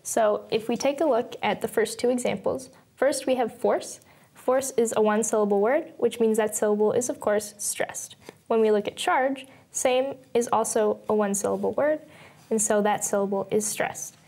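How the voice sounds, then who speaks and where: A young woman teaching an English lesson, explaining patiently step by step and sounding out words slowly. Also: on the high side, creaky, darkish tone. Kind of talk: recorded lesson narration.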